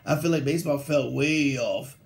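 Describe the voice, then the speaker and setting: Animated, slangy sports talk man. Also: normal speed, gravelly. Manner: animated, slangy, laughs mid-sentence, mocks quoted players in lower voice. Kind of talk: casual solo sports rant.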